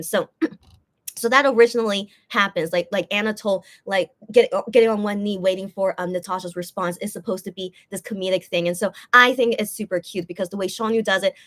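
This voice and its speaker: A woman casually recapping a musical performance she saw, rambling with lots of fillers and restarts. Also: medium pitch. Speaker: musical theater fan reviewing a show. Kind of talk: casual spoken review.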